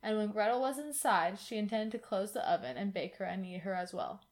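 A woman reading a fairy tale aloud in a calm, even manner. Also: medium pitch, fairly quick. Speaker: reader.

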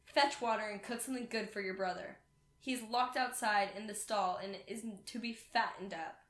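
A woman's voice: mid-range voice, lively intonation, normal speed, lightly acted. A woman voicing a wicked, greedy old witch in a read-aloud fairy tale, in a roomy-sounding recording. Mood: scolding.

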